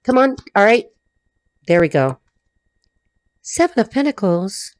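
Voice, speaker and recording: A woman's voice: medium pitch, sing-song, measured pace, long pauses, no room sound, studio quality. A woman from the United States giving a chatty, blunt tarot reading, swearing freely as she talks. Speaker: tarot reader. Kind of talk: casual solo tarot reading to camera.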